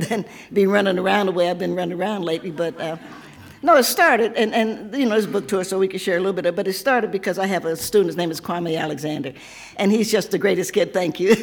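A hoarse woman of seventy from Tennessee, reading poems aloud and then telling stories. She talks in a chatty way, laughing often and wandering into asides. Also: mid-range voice, a little mellow. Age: 70s. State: hoarse, has lost her voice. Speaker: poet giving a reading. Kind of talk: poetry reading and anecdotal talk.

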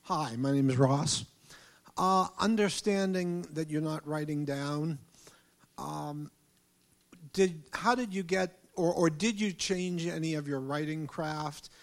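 A man in the audience, asking a question in a hesitant, halting way. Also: a little high.

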